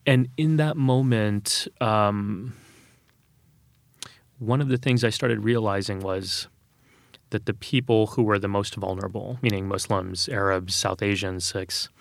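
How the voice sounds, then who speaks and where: A man's voice: fairly low pitch, steady tone, unhurried, creaky, no echo. A man from Texas, a guest telling personal stories in an earnest, thoughtful way, with many fillers. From Texas, USA. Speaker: interview guest. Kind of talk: reflective personal storytelling.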